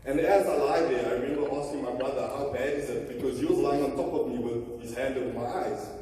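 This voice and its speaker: A South African man in his thirties, a motivational speaker telling a humorous personal story to a conference audience, often turning to the crowd with "okay?" and "ladies and gentlemen". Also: mid-range voice, quick pace, slight background noise. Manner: animated, humorous, addresses audience directly. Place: large conference hall. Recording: roomy hall from far off.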